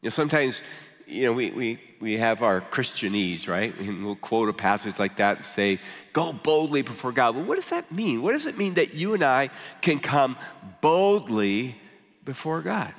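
A male pastor preaching a sermon, swinging from emphatic lines to hushed, slow scripture reading. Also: mid-range voice, big pitch swings, big-room sound.

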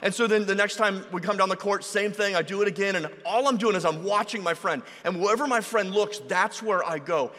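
A man preaching a sermon in a relaxed, conversational storytelling way, acting out the voices of people in his stories. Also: high-pitched, brisk, few pauses. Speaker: pastor. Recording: reverberant hall.

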